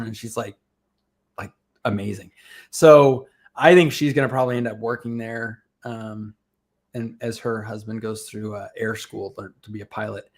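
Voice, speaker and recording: A middle-aged man chatting as a podcast guest, telling lively stories and laughing often. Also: mid-range voice, normal speed. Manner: animated storytelling, laughs often. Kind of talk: casual chat.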